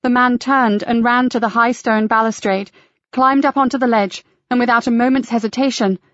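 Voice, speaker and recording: A woman narrating a mystery audiobook in a measured, even storytelling manner. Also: a little high, dry recording, dull audio.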